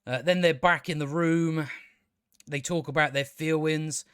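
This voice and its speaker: A man's voice: on the high side, steady tone, unhurried, clear, resonant tone, dry recording, clean studio sound. Exasperated man ranting a review. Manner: ranting, exasperated, stumbling restarts and swearing. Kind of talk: casual spoken review.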